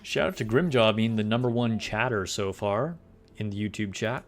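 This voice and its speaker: A young man chatting casually with his live-stream chat while playing a game, relaxed and quick to laugh. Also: on the low side, soft background music. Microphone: desk microphone.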